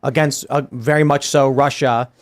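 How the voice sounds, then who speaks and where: A man hosting a political talk show, arguing in an emphatic, rapid way. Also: mid-range voice, steady tone. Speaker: host. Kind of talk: casual political chat.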